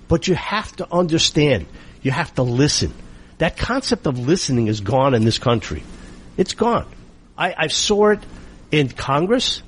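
A man's voice: mid-range voice, a little hiss or hum. A middle-aged man from the United States delivering an indignant opinion monologue, full of rhetorical questions and emphatic repetition. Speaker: political commentator.

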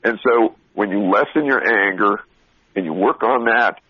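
A man's voice: fairly low pitch, normal speed, dry recording, lo-fi sound. A man speaking bluntly on a radio talk show, telling stories animatedly and laughing often between restarts. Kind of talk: casual motivational radio talk.

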